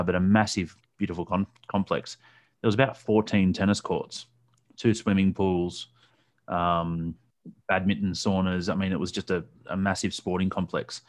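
A man hosting a casual interview, recalling details at length with many pauses and ums. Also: sits low, little pitch movement.

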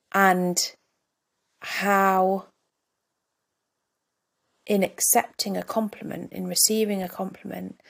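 Woman podcast host, coach, chatty and reflective, some vocal fry. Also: mid-range voice. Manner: candid, reflective, conversational. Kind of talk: solo podcast talk.

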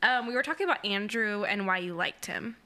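Bright, bubbly young woman podcaster. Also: mid-range voice, expressive, fairly quick. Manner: bubbly, laughs often, gushing. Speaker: podcast co-host. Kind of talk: casual chat.

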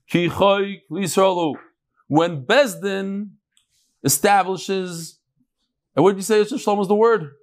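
A man with a fairly high voice leads a live Talmud study group. He chants the Aramaic lines, then breaks into chatty English explanation and banter with his students. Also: measured pace. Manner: jokes and bickers with students. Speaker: Talmud teacher. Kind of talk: casual daily Talmud class.

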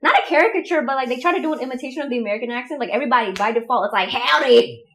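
A young woman co-hosting a podcast in casual, slangy chat, teasing her co-host and laughing easily. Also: high-pitched. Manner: slangy, animated, quick to laugh.

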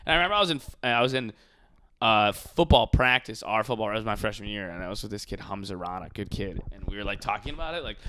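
A young man with a bright, forceful voice hosts a podcast in loose conversation. He swears freely and tells stories with energy, sometimes breaking into loud impressions. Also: on the low side, fast, no echo. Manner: profane, animated storytelling with shouted impressions. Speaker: podcast host. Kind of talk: casual chat.

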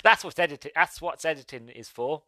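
A man's voice: on the high side, a little fast, bright, forceful tone, dry recording. A man hosting a podcast, reviewing a film in casual, rambling talk that goes off on tangents and breaks into laughs. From Britain. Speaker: podcast host.

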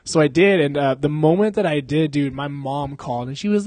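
Young male podcast co-host, slightly high voice, dry close sound, relaxed storyteller who swears freely. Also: fairly quick, few pauses, dry recording. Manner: laid-back, profane, laughs often. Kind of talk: casual storytelling chat. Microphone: podcast microphone.

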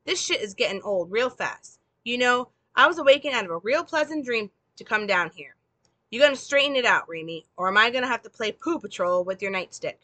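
A woman's voice: a little high, expressive, a little fast, sharp tone, no room sound. A woman reading the lines of a sarcastic, hard-bitten male police detective from a script in a dry, mocking way.

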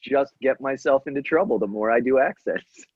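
A man's voice: mid-range voice, normal speed, slightly rough, dry recording, narrow, tinny audio. A man co-hosting a comedy podcast, chatting casually with playful, rambling jabs. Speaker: podcast co-host.

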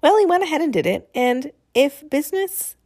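A woman reading a children's novel aloud as an audiobook narrator, with lively storytelling. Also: high voice, normal speed. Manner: lively storytelling, voices characters. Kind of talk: scripted narration.

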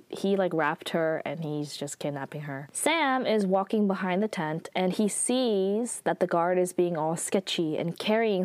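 A woman's voice: on the low side, dry recording. A young woman casually recapping a story, chatty and full of "like" fillers. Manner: chatty, heavy use of "like" fillers. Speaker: show recapper.

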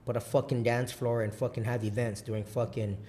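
A man from Guam telling stories in a loose, profane, rambling way, laughing loudly at his own punchlines. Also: medium pitch, level tone, fairly quick, a little hiss or hum. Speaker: podcast guest, coffee bar founder. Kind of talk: casual storytelling chat.

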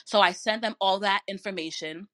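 Woman, casual vlog storytelling, animated, acts out voices, chatty. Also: medium pitch, normal speed. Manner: animated, acts out quoted dialogue, laughs. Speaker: vlogger.

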